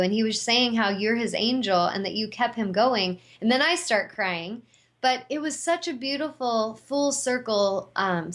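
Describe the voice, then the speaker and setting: A woman's voice: mid-range voice, fairly bright tone. A woman who hosts her own show as an intuitive healer, telling a personal story in an earnest, emphatic and casual way, with lots of "like" fillers.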